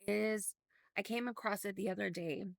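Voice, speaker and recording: A woman's voice: medium pitch, moderate pace, vocal fry, no echo. Candid woman telling her own story. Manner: candid, rambling, with many restarts. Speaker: vlogger. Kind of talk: personal storytelling vlog.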